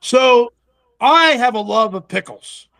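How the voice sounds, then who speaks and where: A man with a very high, creaky voice who speaks slowly is interviewed as co-founder of a pickle company. He tells casual stories about starting the business, animatedly acting out the dialogue, with some salty language.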